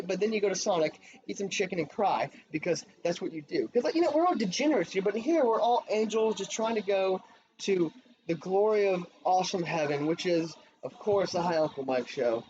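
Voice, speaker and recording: Young male co-host, rambling crude banter, slightly high voice, dull lo-fi mic. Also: expressive, brisk, a little mellow. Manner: rambling, profane, jumps to high-pitched bursts. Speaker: podcast co-host. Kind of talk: casual crude podcast banter. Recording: dull lo-fi home podcast mic.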